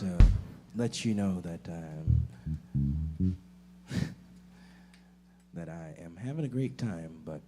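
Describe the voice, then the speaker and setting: A man's voice: low voice, dark tone. A man fronting a blues band, out of breath and joking with the crowd between songs. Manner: joking, rambling, chatty with the crowd. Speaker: blues bandleader and singer. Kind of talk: stage banter between songs. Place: blues club stage.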